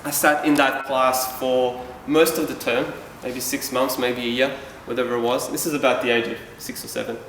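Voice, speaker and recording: A Yugoslavian man shares a personal story with a live audience, casual and candid, poking fun at himself along the way. His mid-range voice is a bit bright and fairly flat, moving at a moderate pace with few pauses, picked up from a distance in an echoey event hall with a little hiss or hum.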